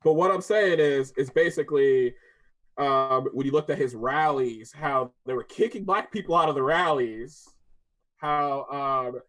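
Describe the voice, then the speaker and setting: A young man co-hosting a casual debate podcast, telling stories with lively energy and frequent laughs. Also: fairly high pitch, measured pace. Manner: animated storyteller, laughs often, acts out voices. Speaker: podcast co-host.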